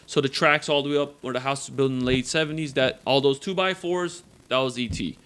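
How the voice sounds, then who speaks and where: A man at a middle pitch chats loosely on a podcast. He is from California's San Fernando Valley and tells his stories in a rambling way, full of fillers. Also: brisk, a bit bright, a little hiss or hum. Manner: chatty storyteller, many fillers. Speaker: podcast co-host. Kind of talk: casual chat.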